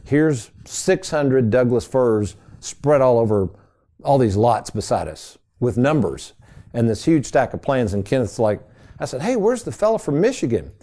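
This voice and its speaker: Middle-aged male radio host, folksy storyteller, mellow warm tone, studio mic. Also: medium pitch, expressive, measured pace. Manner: folksy, addresses listeners as folks. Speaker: radio show host and financial advisor. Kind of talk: casual storytelling radio talk.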